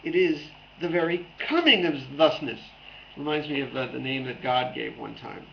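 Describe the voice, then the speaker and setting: A man's voice: mid-range voice, moderate pace, vocal fry, muffled recording, a little hiss or hum. A man giving a playful dharma talk as a Zen teacher, repeating phrases back and forth.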